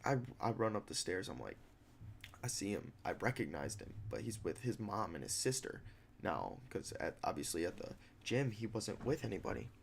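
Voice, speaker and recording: A young man hosting a podcast, telling a story in a casual, animated, profane way and acting out other people's lines. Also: low voice, normal speed, creaky, slight background noise. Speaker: podcast host; mixed martial arts fighter.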